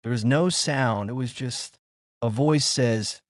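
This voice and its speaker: A man's voice: medium pitch, a little slow, no room sound, studio quality. A man narrating a suspenseful first-person story in a dramatic way, repeating phrases to build tension.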